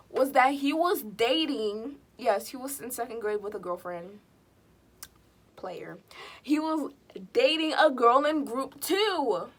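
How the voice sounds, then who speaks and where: A woman with a high voice tells a story to the camera in loose, slangy talk. She is animated and lively, and she acts out the other people in her story. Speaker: storytime vlogger. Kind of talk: casual storytelling.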